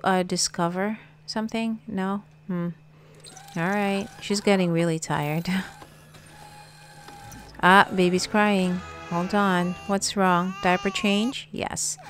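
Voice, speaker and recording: A woman's voice: lowish voice, a little hiss or hum. A woman giving casual let's-play commentary, chatty and cooing over cute things, often laughing. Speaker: gaming YouTuber.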